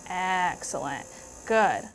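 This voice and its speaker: A woman clinician giving a patient gentle, reassuring step-by-step instructions during an exam. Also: fairly low pitch, lively intonation, slow, a little hiss or hum. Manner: gentle, reassuring, brief prompts. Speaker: clinician performing endoscopy.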